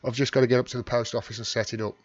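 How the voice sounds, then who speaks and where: Speaking fast and flat at a medium pitch, this middle-aged Black Country man from Wolverhampton in the West Midlands runs a relaxed YouTube live stream. He rambles chattily, reading out and thanking commenters by name, on a dry recording with the highs cut off.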